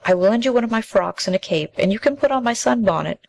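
Earnest young village girl, slightly raised and gravelly, voiced by a woman. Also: on the high side, animated, fast, darkish tone, voice pushed up, poor audio. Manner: earnest, polite.

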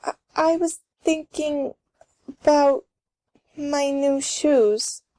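A woman's voice: sits high, expressive, normal speed, darkish tone. A woman playing a flustered young girl. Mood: girlish. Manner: hesitant, stammering. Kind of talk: amateur play reading.

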